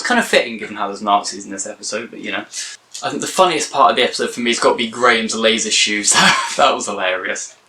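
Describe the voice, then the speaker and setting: A man's voice: fairly low pitch, bright, forceful tone, far from the mic, poor audio. A young man giving a casual, rambling spoken review, often correcting himself. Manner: rambling, self-correcting, chatty. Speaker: video reviewer.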